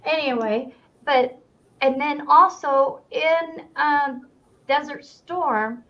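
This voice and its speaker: Slow, hesitant older woman host. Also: high voice, lo-fi sound. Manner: hesitant, searching for words. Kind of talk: casual interview chat.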